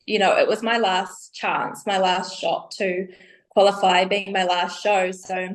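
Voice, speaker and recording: A woman's voice: medium pitch, fairly even intonation, unhurried. A woman guest in a casual podcast interview, her voice in an ordinary middle range. She talks hesitantly and often searches for the right words. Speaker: podcast guest, bikini athlete.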